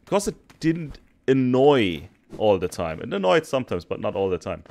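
A man's voice: medium pitch, very animated, normal speed, gravelly. Frustrated swearing gamer man. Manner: swearing, frustrated, swings between shouting and muttering. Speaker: gaming streamer. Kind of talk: let's play commentary.

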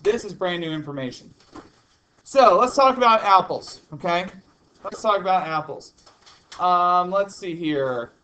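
A man's voice: high-pitched, expressive, a little slow, pushed and bright, a little hiss or hum, rough recording. A male chemistry teacher lecturing a class, chatty and teasing, repeating the key points. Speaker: high school chemistry teacher.

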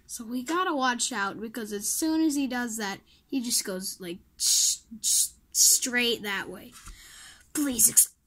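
A woman plays a mobile game and talks her way through it, begging shots to work and laughing at her own misses. Her voice sits a little high and she speaks slowly, trailing off into muttered asides. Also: bright, forceful tone. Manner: self-mocking, pleading with the game, muttering asides. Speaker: gamer playing a mobile game. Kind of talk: casual gameplay commentary.

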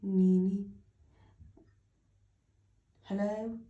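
A woman's voice: medium pitch, level tone, extremely slow, dark tone, echoey room, lo-fi sound. A woman cooing to her cat in sing-song baby talk at home, recorded from a distance. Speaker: cat owner filming her pet. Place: home, indoors.

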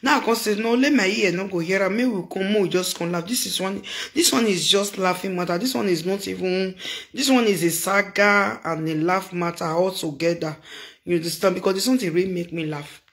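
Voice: medium pitch, brisk, fairly bright tone, roomy sound. A speaker with a Nigerian accent giving casual reaction commentary on social media drama, exclamatory and given to repeating phrases. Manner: exclamatory, repeats phrases, mixes Pidgin and Yoruba.

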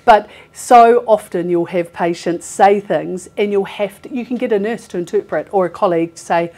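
A woman in her forties speaks at medium pitch and normal speed, her darkish voice expressive. As a healthcare recruiter, she presents casually to a live audience in a meeting room, with lots of fillers and laughter.

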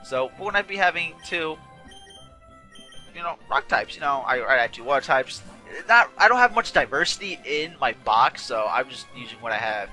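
His medium-pitched voice is pushed, bright, and sing-song, moving at a moderate pace as he chats through casual gameplay commentary. Rambling and self-correcting, he yawns now and then and seems a bit tired, with game music playing behind him.

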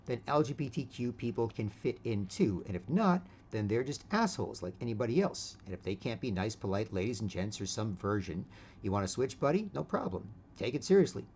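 A man's voice: fairly low pitch, darkish tone, husky, muffled recording. A man giving a casual opinion monologue, rambling with many restarts and constantly tagging his sentences with "right?". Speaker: vlogger.

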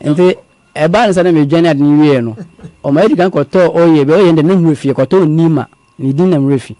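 A man, calmly recounting a personal story as a guest in a conversational interview. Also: fairly high pitch, fairly quick, no room sound. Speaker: guest telling his story. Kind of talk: conversational testimony.

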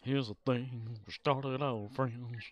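A man's voice: medium pitch, fairly even intonation, slow, lo-fi sound, slight background noise. Laid-back streamer guy, goofy, keyboard clicking behind him. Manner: playful, laughs and hums between remarks. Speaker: game streamer. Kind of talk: casual live-stream chat.

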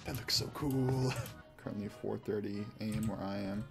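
A man's voice: fairly low pitch, steady tone, normal speed, gravelly, over loud music. A man from Oklahoma chatting casually and rambling while he plays a game on a live stream. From Oklahoma, United States.

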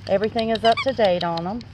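A woman's voice: mid-range voice, very noisy. A woman dog breeder showing her puppies outdoors, cooing baby talk to them and laughing often. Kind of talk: casual puppy showcase. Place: outdoors in a yard.

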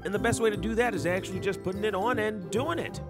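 A man's voice: sits high, fast. A man giving upbeat, announcer-like scripted narration for a vlog. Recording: narration over music.

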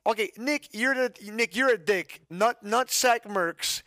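High-voiced man mocking a donation. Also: a little slow, hardly any pauses, bright, forceful tone, no room sound, clean studio sound. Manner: mocking, trash-talking, profane. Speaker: streamer. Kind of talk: reading donations on stream.

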